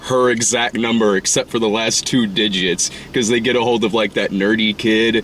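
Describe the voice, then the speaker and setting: A man co-hosting a casual movie review chat, rambling and swearing, often laughing and putting on high voices to act out scenes. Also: steady tone, normal speed, fairly bright tone, a little hiss or hum. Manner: rambling, profane, laughs often, acts out lines in falsetto. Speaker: podcast co-host reviewing a movie.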